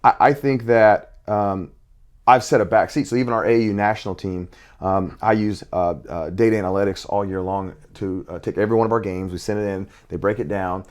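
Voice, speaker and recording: Intense middle-aged coach, fast-talking. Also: male voice, lowish voice, steady tone, darkish tone. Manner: intense, talks in bursts with many restarts. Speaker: basketball coach and father. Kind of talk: casual conversation.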